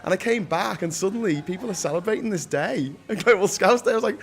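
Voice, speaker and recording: Chatty Liverpool man, a touch high. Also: animated, quick pace. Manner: upbeat, chatty, laughs often. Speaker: founder of a local food day. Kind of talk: casual interview.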